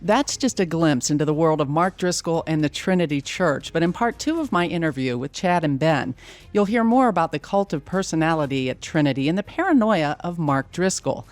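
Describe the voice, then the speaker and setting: A woman hosting a podcast, asking measured questions and reading a scripted outro. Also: low voice, expressive, a little mellow, soft background music. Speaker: podcast host.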